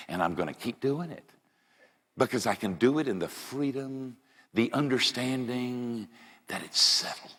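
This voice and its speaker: A man preaching a sermon in a large church, telling funny stories in an animated, jokey way that jumps up into high yells. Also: gravelly, slightly rough. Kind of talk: humorous sermon storytelling. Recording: long church reverb.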